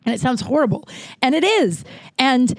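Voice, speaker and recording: A woman's voice: high-pitched, very animated, moderate pace, dry recording. A woman comedian telling a candid personal story, speaking frankly and swearing freely.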